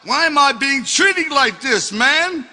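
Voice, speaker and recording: A man's voice: very high voice, very animated, takes it slowly, sharp tone, big-room sound, pitched above the performer's own voice, heavily acted. Man putting on a whiny English rocker. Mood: indignant. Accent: put-on English accent. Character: pushy skinny English rock singer, indignant.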